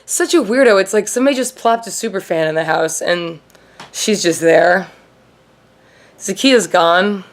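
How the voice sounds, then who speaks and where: Pitched low and speaking a bit slowly with frequent pauses, a woman hosts a laid-back vlog recapping TV. She wanders off topic, curses openly, and says "like" in nearly every line.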